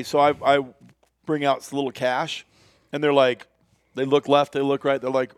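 A man's voice: mid-range voice, flat delivery, moderate pace, clear, resonant tone, no echo, clean studio sound. A man hosting a casual talk show, telling a long story with lots of laughter and acted-out quotes. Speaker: podcast host.

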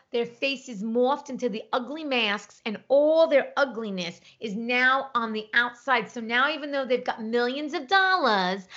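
A woman co-hosting a casual podcast chat over a remote call, retelling stories with lively voiced quotes. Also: fairly high pitch. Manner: animated storytelling, acts out quotes. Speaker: podcast co-host. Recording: lo-fi internet call audio.

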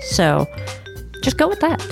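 A woman's voice: sits high, huge pitch swings, a little slow, vocal fry, faint music behind. A woman co-hosting a casual chat with her wife, goofy and giggly, in a punchy mood. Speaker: podcast co-host.

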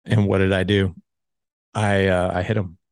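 A man's voice: low-pitched, little pitch movement, normal speed, no echo, studio quality. A man in his forties candidly telling his life story in casual conversation, full of "like" fillers. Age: 40s. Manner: candid, heavy use of filler "like".

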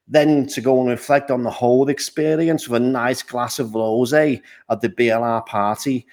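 A chirpy Scouse driving instructor, put on by a man reading a listener's message aloud. The accent is laid on broad for fun, and the lines come out bright and cheeky. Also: medium pitch, lightly acted.

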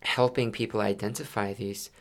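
A man's voice: on the low side, steady tone, normal speed. A man who teaches yoga, talking reflectively in a podcast conversation and musing aloud, often adding "you know" as he searches for words.

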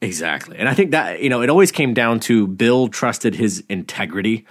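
A man co-hosting a podcast, chatting casually and excitedly about a TV episode, laughing often and swearing freely. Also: fairly low pitch, normal speed. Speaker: podcast co-host. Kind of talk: casual TV rewatch podcast chat.

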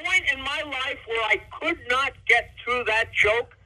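A man telling jokes as a comedian guest on an interview, an animated storyteller who laughs at his own jokes. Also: extremely high pitch, unhurried, rough recording.

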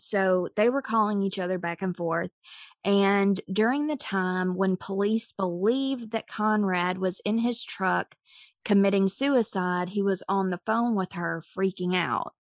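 Young woman, casual true crime podcast host type, chatty and quick through quoted texts, mid-pitched voice, dry close sound. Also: no room sound.

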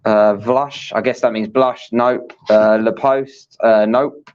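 A man co-hosting a casual live-stream chat, halting and tripping over his words as he reads names out. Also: on the low side, fairly even intonation, darkish tone, smooth. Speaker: co-host. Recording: dull lo-fi stream audio.

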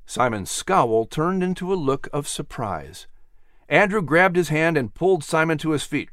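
A man narrating a storybook in an expressive, animated way. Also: medium pitch, moderate pace, dry recording, clean studio sound.

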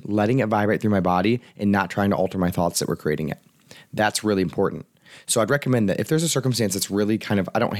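A man's voice: on the low side, no echo, clean studio sound. A man hosting his own life coaching podcast, talking casually, swearing and laughing now and then. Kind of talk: casual solo podcast talk. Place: home apartment.

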